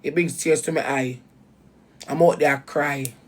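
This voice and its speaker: A woman's voice: low voice, steady tone, unhurried, darkish tone. A woman with a Jamaican accent, ranting heatedly to viewers about a betrayal, swearing in patois. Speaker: vlogger. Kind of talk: emotional personal rant to viewers.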